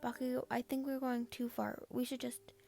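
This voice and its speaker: A composed young prince gives level, matter-of-fact warnings, in a woman's reading. The voice is a little high with a gravelly texture. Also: flat delivery, normal speed, warm tone.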